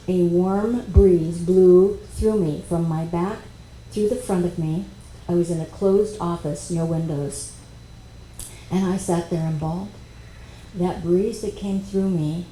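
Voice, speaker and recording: A woman speaking at a spiritual workshop, telling a personal story in a conversational, animated way. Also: lowish voice. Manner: animated, conversational, with quoted dialogue. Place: expo workshop room. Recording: echoey room with faint noise.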